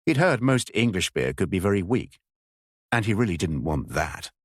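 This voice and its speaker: A man with a fairly low voice reads an audiobook in measured, expressive narration. His pitch rises and falls a great deal, and the sound is close and dry with no room echo.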